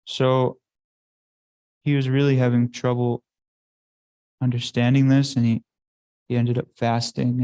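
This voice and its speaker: Gravelly man retelling a devotional tale. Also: medium pitch, dark tone, no room sound, low-quality recording. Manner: meandering, self-correcting. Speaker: class speaker. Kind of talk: devotional storytelling in a class.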